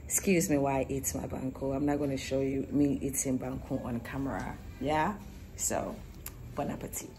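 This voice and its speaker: A woman's voice: extremely low pitch, fairly even intonation, moderate pace. A woman with a Ghanaian English accent, chatting casually to camera on her home porch and teasing her viewers. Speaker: vlogger. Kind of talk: casual vlog chat to camera. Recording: loud background noise.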